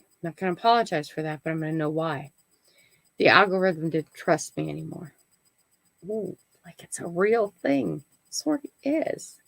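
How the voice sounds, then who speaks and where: A woman's voice: on the low side, vocal fry, no room sound, rough recording. An older woman hosting her own live stream, chatting casually to viewers and often checking in with "right?" and "okay?". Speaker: channel host.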